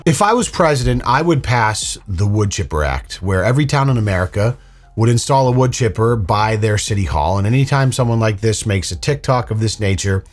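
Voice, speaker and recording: A man's voice: on the low side, expressive, brisk, soft background music. A man hosting a reaction video, riffing on clips with sarcastic, mock-serious rants. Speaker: commentary video host.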